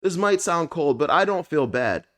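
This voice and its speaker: A man giving a casual, animated review, full of fillers and the odd curse when frustrated. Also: fairly high pitch, normal speed. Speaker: anime reviewer.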